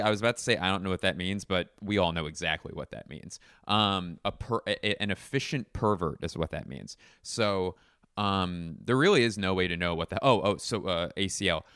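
A man in his thirties with a lowish, smooth, resonant voice rambles through a comedic podcast monologue. He jumps between absurd tangents and deadpan asides. The sound is close and dry, with no room around it. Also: no echo. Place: home.

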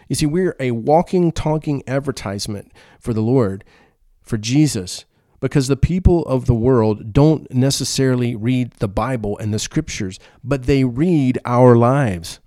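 A man preaching a sermon in an earnest, conversational way. His voice is mellow and warm, at an ordinary pitch for a man. The sound is dry and close, with no room echo. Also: moderate pace. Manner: earnest, conversational, repeats words. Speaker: pastor.

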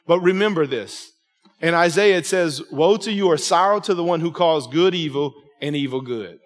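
Emphatic preaching pastor in a reverberant hall. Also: male voice, on the high side, moderate pace. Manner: emphatic, conversational preaching with repeated "right?". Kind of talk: sermon. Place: church sanctuary with congregation.

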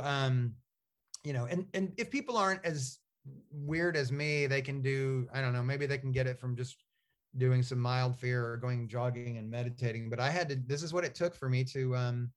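Here an author, a man guesting in an informal interview, rambles through his stories with frequent fillers and restarts. His voice is mid-range and his pace moderate.

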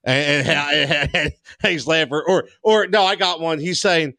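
A man's voice: fairly high pitch, measured pace, sharp tone, no room sound. A man hosting a casual sports podcast, loose and joking, with frequent stammers. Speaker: podcast host.

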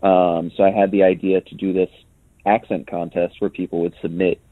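A man's voice: deep voice, flat delivery, normal speed, no echo. A man from New York giving a casual interview as a guest, hesitant, with many ums and restarts. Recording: tinny phone line.

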